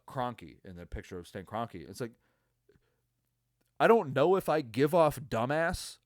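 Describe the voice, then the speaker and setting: A worn-out man hosts a casual sports podcast and rants about a game he went to. His voice sits at a middling pitch and sounds dry and close, with no room around it. He swears freely and stumbles through restarts. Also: no echo. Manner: profane, ranting, tired. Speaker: podcast host.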